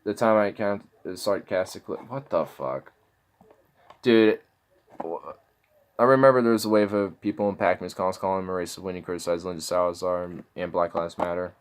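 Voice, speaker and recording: A man with a fairly low voice talks through someone else's videos in a casual, sneering way. He swears often and sounds openly incredulous at what he finds. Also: brisk. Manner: mocking, incredulous, swears a lot. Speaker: commentator reacting to videos. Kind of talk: casual reaction commentary.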